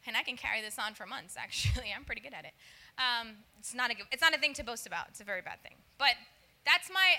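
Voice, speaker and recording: A woman's voice: fairly high pitch, quick pace, sharp tone. A woman giving a conversational sermon, talking straight to her audience and acting out little dialogues. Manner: chatty, acts out dialogues with laughs; addresses audience directly. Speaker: church speaker.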